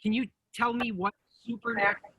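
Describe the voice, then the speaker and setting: A man's voice: very high voice, little pitch movement, a little fast, bright, forceful tone, slightly rough, no echo. A man hosting an online panel, keeping his remarks brief and moving guests along. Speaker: convention panel host. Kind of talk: casual interview moderation.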